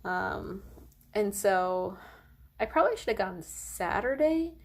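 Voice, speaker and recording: Young woman vlogging, rambly storytime, lots of likes and ums, creaky voice. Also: medium pitch, animated, slow pace. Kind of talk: casual storytelling to camera.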